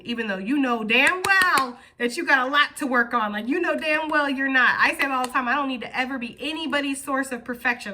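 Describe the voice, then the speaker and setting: A woman giving a casual, profane and animated tarot reading to her viewers. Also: a little high. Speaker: tarot reader.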